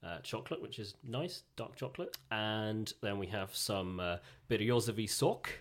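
A man's voice: fairly low pitch, moderate pace. A man co-hosting a podcast, talking hesitantly with many restarts in casual chat. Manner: hesitant, full of fillers and restarts. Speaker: podcast co-host.

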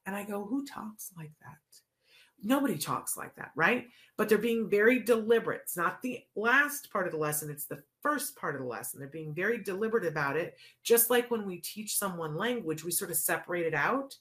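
A woman's voice: mid-range voice, animated, brisk, few pauses, a bit bright. A woman explaining a teaching method in a casual, chatty way, often checking in with "right?".

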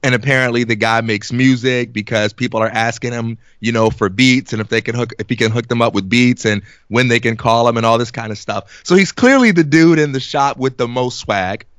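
A young man in his twenties telling an animated, laugh-filled story in casual podcast chat. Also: mid-range voice, a little fast, few pauses, clean tone, dry recording, studio quality.

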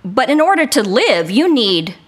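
A woman's voice: on the high side, normal speed, breathy edge. A middle-aged woman voice actor, a guest on a casual podcast interview, telling stories with lots of laughter and calling in from her living room at home. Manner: animated, laughing storyteller.

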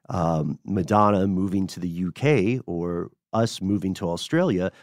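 In clean studio sound with no echo, this Southern US podcast co-host speaks in a low voice. He stays relaxed while reading listener letters aloud with chuckles and chatting casually.

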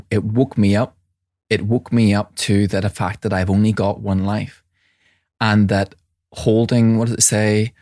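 A man with a lowish voice talks through personal stories in a reflective, unhurried way, often restarting his sentences. He speaks as a mindfulness teacher and father. The sound is dry and close, with no room around it. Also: dry recording. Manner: reflective, warm anecdotes with many restarts. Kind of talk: conversational interview storytelling.

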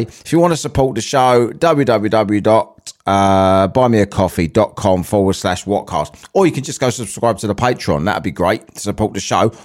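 A man hosting his own podcast, talking casually and swearing as he wanders between asides. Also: medium pitch. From England. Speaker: podcast host. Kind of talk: casual solo podcast chat.

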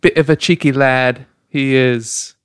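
A man putting on a deliberately bad British accent as a cheeky young lad. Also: medium pitch, fairly even intonation, clear, resonant tone, natural voice.

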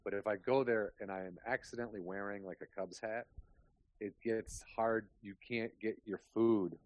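A man's voice: on the low side, fairly even intonation, normal speed, lo-fi sound. A man hosting a podcast over a remote call, rambling through stories in a casual chat and swearing freely. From Chicago area. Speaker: podcast host.

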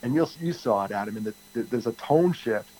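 A middle-aged man at a mid pitch talks openly through an interview answer, looping back and restarting phrases as he goes. His account comes across as unpolished and personal, with a faint hum behind him. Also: expressive, fairly quick, darkish tone, rough recording. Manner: candid, rambling with frequent restarts. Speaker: guest, TED speaker.

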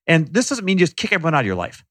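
An energetic man co-hosting a podcast, pushing his points with motivational emphasis. His pitch sits a little high and jumps around a lot as he talks. The recording is dry and close. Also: racing, dry recording. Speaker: podcast co-host. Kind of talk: casual podcast chat.

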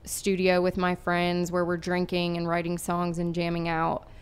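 A woman's voice: lowish voice, completely flat delivery, moderate pace, clear, resonant tone. A woman from Erie, Pennsylvania, a singer-songwriter guest talking casually in a podcast interview, chatty and earnest with lots of fillers.

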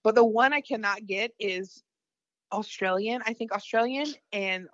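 A woman's voice: medium pitch, measured pace, fairly bright tone, dry recording, lo-fi sound. A woman as an interview guest, bubbly and giggly, poking fun at herself. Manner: bubbly, giggly, self-mocking. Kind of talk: casual interview chat.

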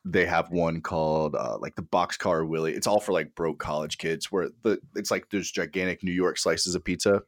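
A man's voice: low-pitched, normal speed, hardly any pauses, dry recording, clean studio sound. A man guesting on a podcast, telling rambling, profane stories in casual chat.

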